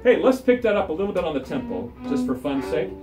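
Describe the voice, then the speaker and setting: A man's voice: on the high side, very animated, fast talker, over music. A man teaching a string class, drilling terms with call-and-response and counting the players in. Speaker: music teacher. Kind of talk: classroom instruction. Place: school music room with string ensemble. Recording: echoey room, recorded from far off, strings playing.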